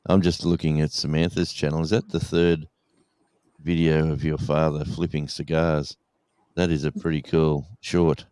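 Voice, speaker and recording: A man from Tasmania with an Australian accent, a guest in a relaxed, easygoing live-stream chat. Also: rumbling low, normal speed, smooth, dry recording.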